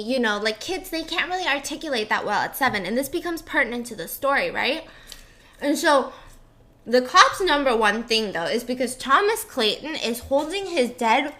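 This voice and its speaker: High bright-voiced woman telling a crime story, chatty, says like a lot. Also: normal speed. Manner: animated, chatty, lots of "like". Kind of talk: true-crime storytelling chat.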